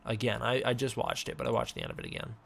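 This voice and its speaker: A man hosting a casual live-stream Q&A, giving offhand, halting answers to chat questions. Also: mid-range voice, huge pitch swings, creaky, fairly bright tone, slight background noise. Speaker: host.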